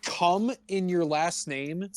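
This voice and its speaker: Male podcast guest, high pitch, dry joking delivery. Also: slow, no echo. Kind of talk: casual movie-review chat.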